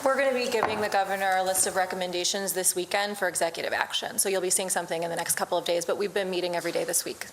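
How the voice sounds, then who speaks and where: A woman, a state official, explaining policy details quickly at a press briefing. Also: lowish voice, fairly even intonation, background noise. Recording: echoey hall reverb.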